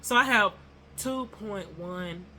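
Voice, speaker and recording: A YouTuber in a casual vlog, this woman tells her viewers a rambling story, chatting away and calling them "y'all." Her mid-range voice is slow and sharp-toned, with slight background noise, and she describes herself as nervous and non-confrontational.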